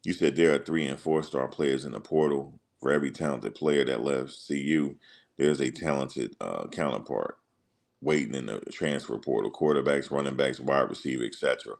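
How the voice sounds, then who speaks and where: A man's voice: rumbling low, normal speed, creaky. A man hosting a casual sports livestream, rambling through stories and slipping into quoted voices. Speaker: host.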